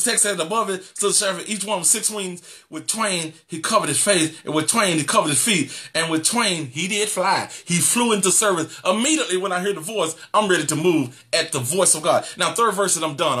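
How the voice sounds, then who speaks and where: A man pastor preaching an animated sermon, repeating phrases and laughing as he goes. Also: sits high.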